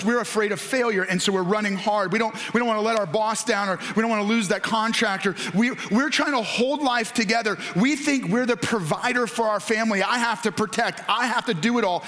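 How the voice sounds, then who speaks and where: A male pastor preaching a sermon in a lively way, acting out quoted voices and rising to shouts. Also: high-pitched. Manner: animated, acts out voices, rises to shouts.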